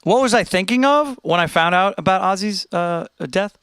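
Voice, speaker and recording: A man's voice: high-pitched, animated, normal speed, a bit bright, clean tone, dry recording. A man hosting a casual livestream chat, rambling and laid-back, laughing often. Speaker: streamer host.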